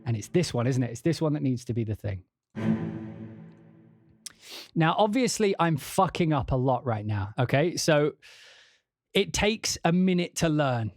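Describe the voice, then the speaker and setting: An English man in his younger years talks through a live software demo in a loose, chatty way. His voice sits a little high for a man, and he swears freely while shrugging off his slips. Faint music plays under his talk. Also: sing-song, moderate pace, no room sound, studio quality. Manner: chatty, swears, laughs at own mistakes. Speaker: livestream host demonstrating music software. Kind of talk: casual livestream demo.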